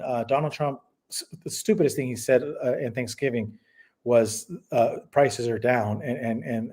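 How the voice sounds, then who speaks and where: A man with a voice a little higher than most men argues his side in a heated political debate. He is emphatic and profane, and he often repeats words as he pushes his point.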